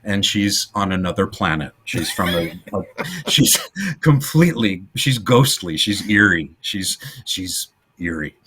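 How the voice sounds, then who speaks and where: A man co-hosting a podcast in casual chat, telling film history stories in an animated way. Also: deep voice, unhurried, background noise. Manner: animated storytelling, trivia-laden. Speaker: podcast co-host.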